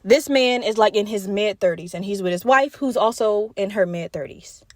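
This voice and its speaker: A woman hosting a solo podcast, telling a story in a loose, profane, animated way and acting out the voices of the people in it. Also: medium pitch, moderate pace, dry recording, clean studio sound. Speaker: podcast host.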